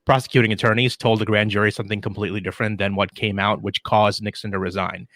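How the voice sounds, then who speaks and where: A man's voice: fairly low pitch, level tone, fast, a bit bright, no room sound. A man as a podcast guest, chatting casually about politics and rambling with many restarts.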